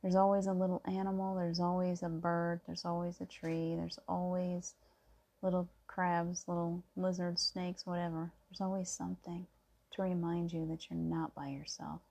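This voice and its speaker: Soft-spoken, mellow woman reassuring viewers. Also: lowish voice, little pitch movement, moderate pace, gravelly. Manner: soft-spoken, reassuring, storytelling with gentle emphasis. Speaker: spiritual vlogger. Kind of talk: casual spiritual monologue.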